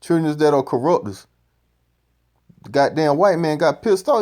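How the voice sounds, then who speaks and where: A man's voice: a little high, expressive, moderate pace, pauses often, darkish tone. A man giving profane, ranting scripture commentary, repeating "man" at the end of phrases. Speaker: street-style preacher commenting on a clip.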